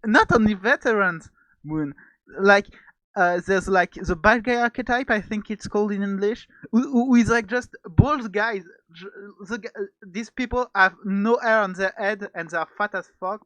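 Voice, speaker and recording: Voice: mid-range voice, moderate pace, a bit bright, no echo, low-quality recording. A streamer from France with a French accent, chatting casually and earnestly, often saying "like" and "literally". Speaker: streamer guest. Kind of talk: casual live-stream chat.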